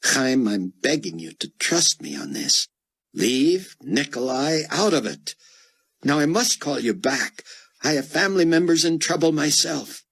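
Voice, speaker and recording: A man's voice: fairly high pitch, animated, a little slow, gravelly, fairly bright tone, slightly rough, voice pushed up, full character voice. A man voicing a harried young male journalist who talks tersely and impatiently.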